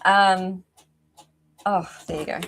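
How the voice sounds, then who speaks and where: A woman's voice: lowish voice, fairly even intonation, slow, creaky, fairly bright tone. A middle-aged woman, hosting a live psychic reading as an animal communicator, chatting effusively and often breaking off mid-sentence. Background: rooster crowing outside.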